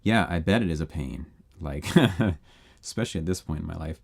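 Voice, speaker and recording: A man producing music on a live stream, chatting in a relaxed, rambling way with viewers between playing. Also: rumbling low, a little fast, creaky. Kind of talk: casual live-stream chat.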